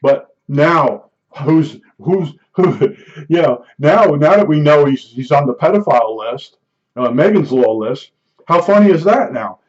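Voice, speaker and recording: A man's voice: a little high, expressive, unhurried. Rambling older man, dull lo-fi sound. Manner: meandering, restarts often, chuckles at his own stories. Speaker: vlogger. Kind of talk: rambling casual storytelling. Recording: dull lo-fi recording.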